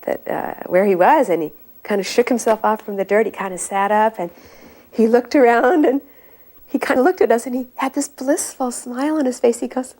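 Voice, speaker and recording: A woman recounting a memory in a loose, chatty telling full of fillers and restarts. As she goes on, her voice climbs higher and gets more animated. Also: brisk. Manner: conversational, rises to excited high pitch as the story builds. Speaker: devotee recalling memories. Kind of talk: personal storytelling reminiscence.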